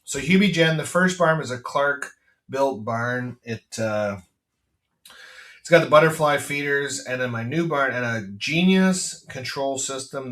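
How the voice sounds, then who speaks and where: A man's voice: mid-range voice, a bit bright, distant mic. A Canadian man, a farmer hosting his podcast, talking in a blunt, rambling way with lots of fillers and restarts. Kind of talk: casual rambling monologue. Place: farm.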